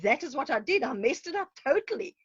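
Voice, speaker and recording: A woman's voice: sits high, big pitch swings, quick pace, no room sound. A woman, a guest on a video call interview, talking in a chatty, self-deprecating way and laughing often. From South Africa. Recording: dull muffled call audio.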